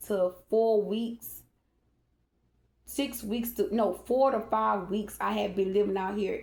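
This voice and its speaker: A tarot reader and vlogger speaks in a medium-pitched, slightly mellow voice that sounds roomy. She delivers a long, emotional personal monologue to her followers, emphatic and rambling, addressing her listeners directly again and again.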